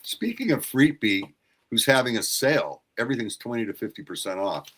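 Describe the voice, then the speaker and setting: A man's voice: medium pitch, lively intonation, brisk, a bit bright, slight background noise. An older man talking casually about records on a livestream, blunt and given to swearing. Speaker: record collector co-host.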